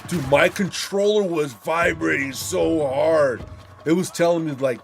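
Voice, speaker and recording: Soft background music accompanies a man whose voice is on the high side, a little slow and creaky. He runs a gaming channel, playing and chatting casually, swearing as he tells animated stories.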